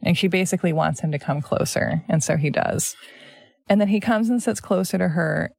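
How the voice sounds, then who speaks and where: A woman hosting a podcast in a low, gravelly voice. She talks in a thoughtful, measured way and reads aloud from a book. The sound is close and dry. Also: a little mellow, dry recording. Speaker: podcast host. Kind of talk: casual chat, reading from a book.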